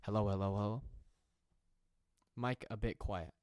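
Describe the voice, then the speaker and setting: A man's voice: on the low side, measured pace, darkish tone, no room sound, clean studio sound. Easygoing young man chatting on a livestream. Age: 20s. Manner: rambling, easygoing, laughs at himself. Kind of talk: casual livestream chat, reading viewer comments. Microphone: desk microphone and headset.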